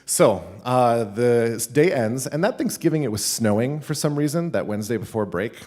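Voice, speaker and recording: A man, a teacher, telling a funny personal story live at a school event, animated and laughing between lines. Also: mid-range voice, normal speed. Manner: animated, laughing, with many "like" fillers.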